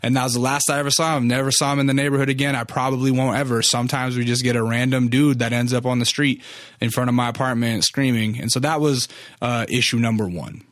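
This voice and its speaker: Young dude rambling thru a story, swears a lot, says like constantly, mid voice, dry. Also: male voice, mid-range voice, fairly even intonation, fast talker, no room sound. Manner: rambling, profane, filler-heavy. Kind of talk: casual storytelling.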